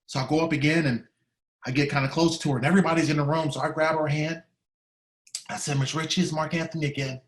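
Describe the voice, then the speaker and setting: A man giving an emotional storytelling speech, heartfelt and dramatic, shifting between loud and hushed. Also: on the high side, steady tone, fast talker, pauses often, echoey room. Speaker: speaker at a staff training day.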